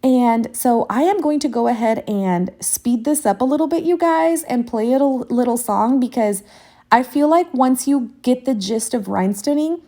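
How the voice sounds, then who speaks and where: A woman's voice: a little high, normal speed, mellow. A woman in her thirties hosting a crafting tutorial, chatting casually in a gushing, sentimental way with casual swearing. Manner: sentimental and emotional.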